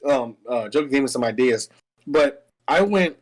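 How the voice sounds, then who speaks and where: A young man tells a personal story in a loose, rambling way, stumbling and restarting as he goes. His voice sits at an everyday middle pitch, and his telling stays lively. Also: moderate pace, rough recording. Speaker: guest. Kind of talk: casual storytelling chat.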